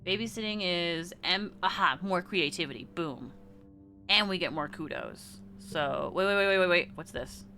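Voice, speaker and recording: A woman's voice: on the low side, moderate pace, pushed and bright, faint music behind. A woman streamer chatting casually while playing a video game, thinking aloud and trailing off into murmurs. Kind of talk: casual let's-play commentary.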